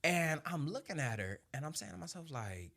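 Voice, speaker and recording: A man in his thirties, a former Marine sergeant, telling his story in conversation with animated energy, frequent laughs and casual swearing. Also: fairly high pitch, normal speed, gravelly.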